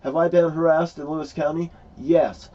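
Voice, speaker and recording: A man's voice: a little high, fairly even intonation, moderate pace, dark tone. Profane rambling man ranting. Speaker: vlogger. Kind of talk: rambling personal rant. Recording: dull lo-fi recording.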